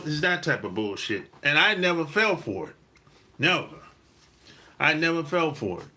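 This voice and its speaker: Man, podcast host, casual monologue, slow delivery, bright tone. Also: fairly high pitch. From South Carolina, USA. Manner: emphatic storytelling, drawn-out stresses, blunt cursing.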